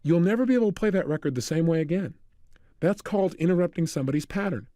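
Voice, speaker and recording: Fast, animated motivational speaker man. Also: on the high side, no room sound, clean studio sound. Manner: energetic, storytelling, acts out dialogue. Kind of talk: motivational talk with anecdotes.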